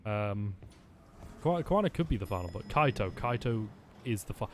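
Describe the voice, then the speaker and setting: A man's voice: on the low side, very animated, moderate pace, slight background noise. A tired man streaming a game, rambling through wry casual commentary with lots of restarts. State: tired, yawning. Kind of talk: casual commentary over gameplay.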